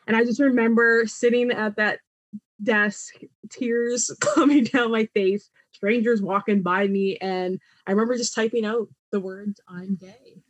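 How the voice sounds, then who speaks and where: A woman's voice: medium pitch, dry recording. A young woman, a podcast guest, telling a personal story with lots of laughter and acted-out voices. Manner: animated, laughs often, acts out quoted voices.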